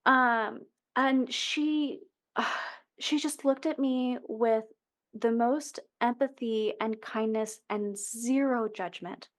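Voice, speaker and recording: Woman, thirties, higher voice, earnest, emotional, podcast guest, candid storytelling. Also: slow pace. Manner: earnest, emotional, self-correcting restarts. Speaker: interview guest.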